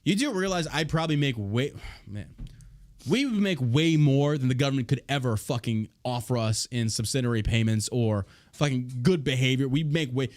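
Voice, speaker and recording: A man hosts a casual podcast, reading headlines and breaking off into profane, exasperated rants. His voice sits at an ordinary middle pitch. The recording is close and dry, with no room sound. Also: animated, normal speed, no room sound. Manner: outraged, profane ranting while reading news aloud. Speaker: podcast host.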